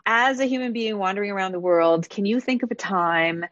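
A woman's voice: medium pitch, a little fast, a bit bright, dry recording, dull audio. A woman hosting an interview podcast, asking reflective questions and responding with appreciation. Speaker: podcast host.

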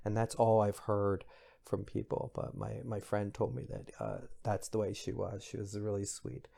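A middle-aged man hosting a podcast, chatting in a gossipy, expressive way with bursts of high exclamation. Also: moderate pace, vocal fry. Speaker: podcast host. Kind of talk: casual pop culture commentary.

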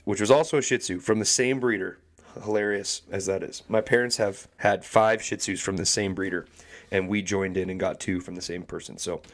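A man's voice: low voice, a little fast. A young adult man co-hosting a podcast, telling a story casually and acting out the people in it. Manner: animated storyteller, acts out quoted voices. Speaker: podcast co-host.

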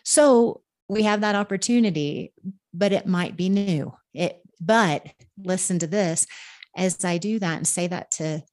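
Woman, low-pitched, earnest, reflective, spiritual guest, acts out voices. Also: measured pace, darkish tone. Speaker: guest intuitive and medium. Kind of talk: spiritual advice conversation.

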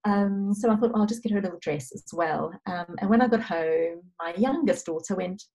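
Mellow-voiced woman telling a gentle story. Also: fairly low pitch, rough recording. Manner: gentle storytelling with frequent pauses. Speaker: guest parenting expert. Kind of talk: casual interview talk.

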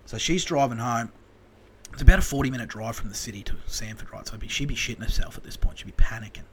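Young aussie guy telling a wild story on a podcast, lots of swearing, does voices, middle pitch. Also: quick pace, a little hiss or hum. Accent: Australian. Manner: animated storyteller, swears freely, acts out voices. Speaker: podcast co-host. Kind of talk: casual storytelling chat.

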